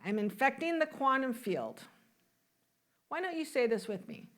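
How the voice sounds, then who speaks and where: A woman minister delivers a sermon in a church sanctuary, her voice sitting a little higher than most. She preaches in a warm, conversational way and asks her listeners question after question. Now and then she laughs along with them. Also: big pitch swings, moderate pace.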